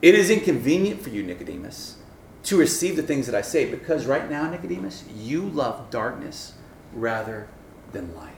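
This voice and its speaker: At normal speed and mid-range pitch, a man gives a talk to students as a campus minister. His sermon is full of humorous stories where he acts out each voice with animation. Echo, a far-off mic, and faint noise mark the recording.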